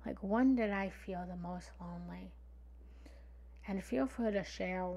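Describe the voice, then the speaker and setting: A meditation coach speaks on a live stream with a gravelly voice that often drops into vocal fry. She is a woman of middling pitch who tells her own story openly and vulnerably, looping back with "you know" and "right?". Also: measured pace, mellow. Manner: candid, vulnerable storytelling with many fillers and "right?". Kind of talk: live-stream confessional talk.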